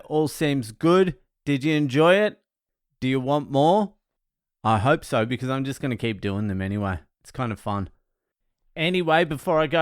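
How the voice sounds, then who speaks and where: A man's voice: on the high side, clear, resonant tone, dry recording, studio quality. Sweary ranting man. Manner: sweary, ranting, laughs at himself. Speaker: comedian and first aid trainer. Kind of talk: casual vlog monologue.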